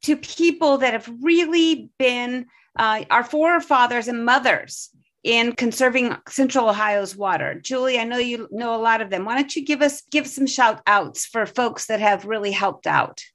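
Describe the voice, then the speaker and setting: Brief: woman interviewer, higher pitch, brisk and prompting. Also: a bit bright. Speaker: radio show host. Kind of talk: interview hosting.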